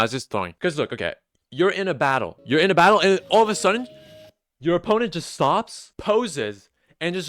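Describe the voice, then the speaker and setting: Animated young man ranting over gameplay. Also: fairly high pitch, no room sound, studio quality. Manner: animated, incredulous, mock-outraged rants. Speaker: YouTube gaming commentator. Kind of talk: casual gameplay commentary.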